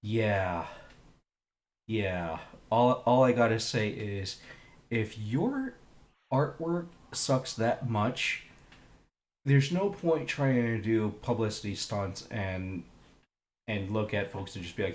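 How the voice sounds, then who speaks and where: A man streaming a retro game live, chatting in a loose, rambling way full of slang and fillers. His voice sits a bit low, and the room around him is roomy and echoing. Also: unhurried, long pauses.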